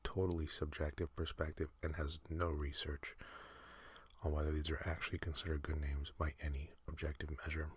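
A man hosting a sleep podcast, talking in a soft breathy whisper, slow and meandering with many fillers. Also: extremely low pitch, level tone, no room sound. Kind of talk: rambling whispered sleep talk.

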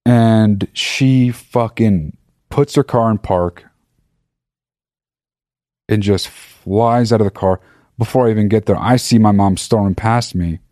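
Studio-quality audio with no echo captures a man on his own podcast, his voice fairly low, as he tells a story in a casual monologue. The retelling is animated, rambling, and full of profanity.

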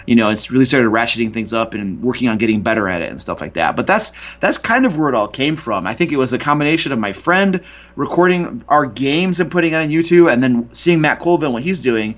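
A man's voice: mid-range voice, lively intonation, fast, a bit bright, muffled recording. A man who makes videos and runs tabletop games, chatting casually as a podcast guest with lots of fillers and rambling asides. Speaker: guest, YouTuber and game master.

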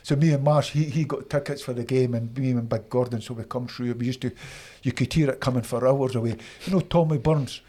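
A Scottish man, a former footballer, telling animated stories from his playing days in an interview, acting out his old coaches. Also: medium pitch, brisk, few pauses. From Scotland. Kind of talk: storytelling interview.

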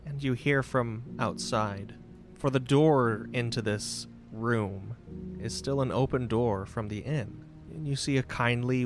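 Man, game master, second-person narration, music bed. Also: fairly low pitch.

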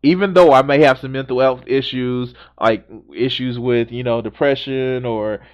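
A man's voice: mid-range voice, fairly even intonation, moderate pace, muffled recording. A man reacting to a news video in casual, exasperated commentary, often swearing and repeating himself.

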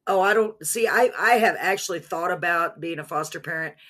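Give me a woman podcast host with a bright, forceful voice, gushing and emotional as she chats, folksy and quick to thank God. She calls her listeners "y'all" and reacts warmly to every story. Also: fairly low pitch. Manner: effusive and emotional, often praising God. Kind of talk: casual interview chat.

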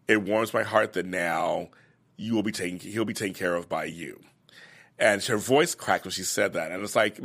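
A man's voice: fairly low pitch, a bit bright. Emotional, gushing man recapping episodes. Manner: gushing and emotional, many fillers and restarts. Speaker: host of a fan aftershow. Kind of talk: casual chat recapping episodes.

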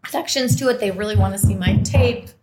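A woman's voice: mid-range voice, brisk, very noisy. A woman hosting a podcast, telling a long personal story in casual chat, laughing often and acting out what others said. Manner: animated, laughs often, acts out quotes. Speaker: podcast host. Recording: roomy echo.

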